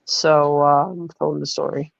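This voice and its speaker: Gravelly woman streamer, rambling story. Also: low voice, flat delivery, measured pace, no room sound. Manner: rambling, full of fillers, reads chat aloud. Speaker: livestream host. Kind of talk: casual storytelling on a livestream. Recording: dull lo-fi stream audio.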